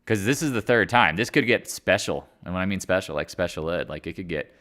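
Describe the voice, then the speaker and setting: This low-pitched, slightly bright voice moves fairly quickly with lively intonation and few pauses. The man hosts a casual live chat on markets, rambling and joking over the charts, laughing at himself at times, singing, and mimicking other traders in silly voices.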